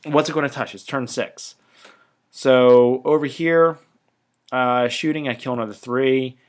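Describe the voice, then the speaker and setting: A man's voice: mid-range voice, fairly even intonation, a little slow. A man casually recapping a tabletop wargame match as battle reporter, chatty, talking in stop-start bursts with trailing asides.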